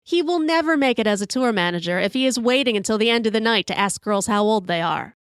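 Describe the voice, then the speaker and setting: Lively storytelling woman in her fifties. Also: a little high, fast talker, clear, resonant tone, no echo, studio quality. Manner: animated, profane, acts out quotes. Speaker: podcast host. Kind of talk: storytelling monologue.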